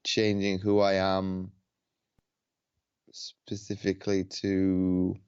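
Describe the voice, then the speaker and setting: A man's voice: low voice, completely flat delivery, slow, a little mellow, clear, resonant tone, no room sound, highs cut off. A laid-back man answering questions as a podcast guest over a video call, often stopping and restarting his sentences. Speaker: podcast guest, paralympic athlete. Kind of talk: casual interview chat.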